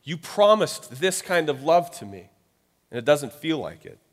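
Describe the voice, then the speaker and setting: A man's voice: fairly high pitch, big pitch swings, moderate pace. Man preaching in a reverberant hall. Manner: conversational preaching with frequent asides. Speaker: pastor. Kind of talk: sermon. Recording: long reverb of a large hall.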